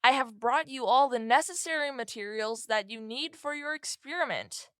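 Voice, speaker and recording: A woman voicing a caring, helpful mother who talks in an orderly, warm way in an animated story. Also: high-pitched, normal speed, dry recording, studio quality.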